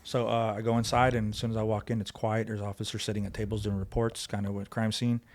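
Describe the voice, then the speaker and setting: A man speaking quickly and with a low voice, recounting events with emphasis and acting out the lines of the people in the story. He sounds like a guest in a podcast studio, close to the microphone. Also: level tone. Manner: fast, emphatic retelling, acting out quoted voices. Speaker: guest, former police officer. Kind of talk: conversational storytelling.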